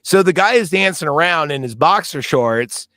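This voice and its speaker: A man's voice: a little high, animated, normal speed, pushed and bright. A man co-hosting a casual movie-review podcast, telling long anecdotes that drift into tangents. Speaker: podcast co-host.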